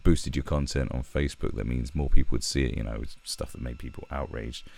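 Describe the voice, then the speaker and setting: A man's voice: extremely low pitch, fairly even intonation, a little fast, creaky, darkish tone. A man delivering a sweary, sarcastic ranting commentary, with mocking put-on voices. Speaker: commentary vlogger.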